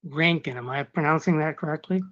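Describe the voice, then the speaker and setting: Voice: medium pitch, fairly quick, a bit bright. A contestant at an online spelling bee who hesitates and asks for words and definitions again. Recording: dull lo-fi online audio.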